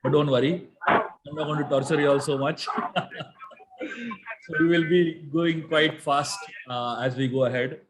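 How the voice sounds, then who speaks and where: A fairly high-voiced man teaches a scripture class with emphatic, rising stresses. He slows down to chant verses and explain them word by word, in the manner of a spiritual teacher addressing a live audience. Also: steady tone, very noisy. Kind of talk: lecture on scripture.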